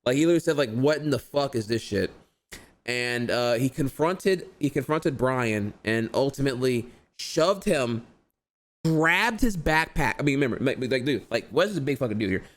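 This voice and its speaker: A man's voice: medium pitch, lively intonation, normal speed. A man in his thirties telling a personal story in a casual vlog, rambling and slangy, with lots of restarts and swearing. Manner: chatty and profane, heavy slang and repeated "dude"; rambling, with frequent restarts and filler asides.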